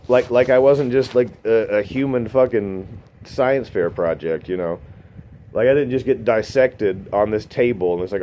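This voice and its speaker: A man telling a long comic story in a deadpan, rambling way, swearing often. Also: normal speed, pauses often. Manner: deadpan, rambling, swears a lot, voices others in a raised pitch. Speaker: storytelling comedian. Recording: dull lo-fi recording with faint noise.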